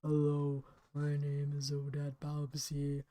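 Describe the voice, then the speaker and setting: A woman putting on a low, laid-back surfer stoner dude voice, drawling slowly and unsurely. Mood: drowsy. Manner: slow, flat, unsure drawl.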